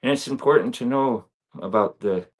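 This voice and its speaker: A man with a medium-pitched voice speaks at a moderate pace as a guest in a casual video-call interview. He talks earnestly and reflectively, using many fillers.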